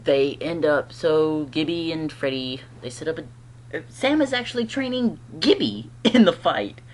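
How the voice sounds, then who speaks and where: A man's voice: on the high side, sing-song, unhurried, slight background noise. Man rambling through a chatty recap. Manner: chatty, rambling, laughs often. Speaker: TV episode reviewer. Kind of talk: casual episode recap.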